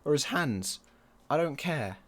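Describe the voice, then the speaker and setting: A man commenting on his own football management game, excitable and quick to groan or yell at the match. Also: on the high side. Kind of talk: let's play commentary.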